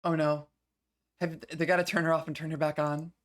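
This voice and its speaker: A woman's voice: deep voice, little pitch movement, a little fast. A woman streaming a visual novel live, chatting and laughing as she reacts. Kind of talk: live game commentary.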